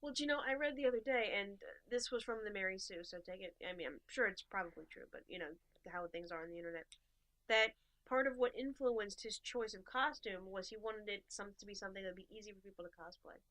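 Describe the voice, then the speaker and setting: A woman co-hosting a casual chat podcast, her voice sitting at a middle pitch for her sex. She keeps things light with wry asides and playful teasing. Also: fast, a bit bright. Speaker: podcast co-host.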